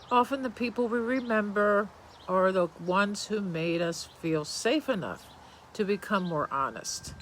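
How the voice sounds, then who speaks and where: Guy with a high bright voice, calm self-help talk, slow thoughtful pauses. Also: a little hiss or hum, poor audio.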